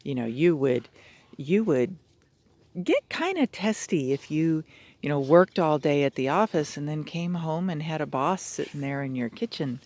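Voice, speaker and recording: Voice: mid-range voice, animated, moderate pace, a little mellow. Upbeat chatty dog trainer outdoors. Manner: chatty, upbeat, with many fillers and restarts. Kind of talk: casual instructional talk. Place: outdoors in brushy terrain with dogs.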